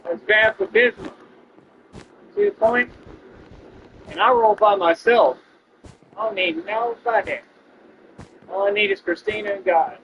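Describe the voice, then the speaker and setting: A Texan man rants at viewers while gaming on stream, boastful and confrontational, in a high, expressive voice. He speaks unhurriedly and pauses often. The stream audio is dull and lo-fi, with slight background noise.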